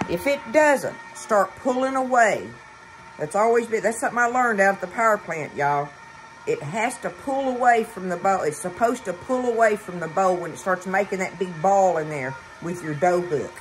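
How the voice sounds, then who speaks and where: A woman's voice: mid-range voice, slight background noise. A woman hosting a casual home cooking demonstration in her kitchen, chatting folksily and calling her viewers y'all. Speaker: cooking show host.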